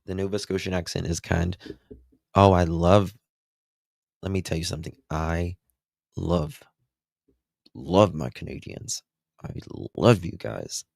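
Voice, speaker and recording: A deep-voiced man with a gravelly edge hosts a true crime livestream and talks emphatically to his chat. He speaks unhurriedly, and the sound is dry and close. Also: measured pace, pauses often, a little mellow, dry recording. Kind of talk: casual livestream commentary.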